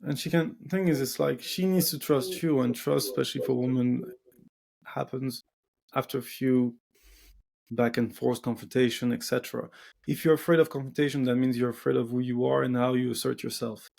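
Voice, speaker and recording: A man's voice: medium pitch, steady tone, moderate pace, gravelly, darkish tone. A man with a French accent hosting a podcast, talking bluntly and casually with plenty of swearing. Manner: blunt, swearing, acts out quotes in shifting voices. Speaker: podcast host.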